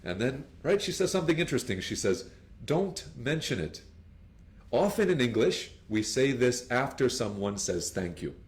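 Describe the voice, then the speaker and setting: A man teaching English, explaining phone phrases and acting out example calls in playful higher voices. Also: moderate pace. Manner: animated, acts out phone dialogues with higher put-on voices. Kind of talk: lively classroom explanation with acted example dialogues.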